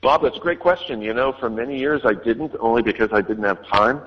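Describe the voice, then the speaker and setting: A man's voice: mid-range voice, a little fast, noisy background. A man, an audiobook narrator, answering interview questions in a hesitant way, with many fillers and restarts. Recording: dull line with long reverb.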